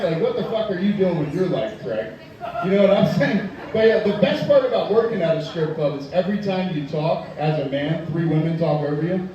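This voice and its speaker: Profane young comedian with a high voice. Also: male voice, a little mellow, lo-fi sound. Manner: crude and profane, laughs at his own jokes. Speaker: stand-up comedian. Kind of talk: stand-up comedy set. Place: tavern stage. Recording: echoey room, far from the mic.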